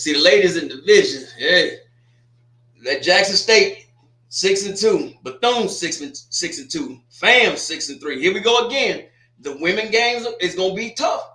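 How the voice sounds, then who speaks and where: A man hosts a casual sports livestream, talking loosely and joking with his viewers. His voice sits high and sounds bright and sharp. The room around him rings with a noticeable echo.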